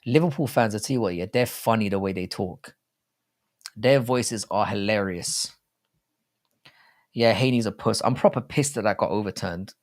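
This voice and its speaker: A man's voice: fairly low pitch, moderate pace, long pauses. A young man hosting a live chat stream, talking loosely to viewers, swearing and calling them mate and bro. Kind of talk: casual live chat reading viewer comments.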